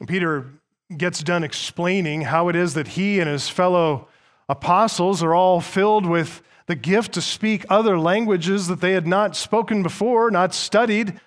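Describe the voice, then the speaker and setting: A man with a somewhat high voice preaches a sermon as pastor, with emphatic delivery. He moves through scripture point by point, explains each passage, and slows down to stress the important words. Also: clean tone.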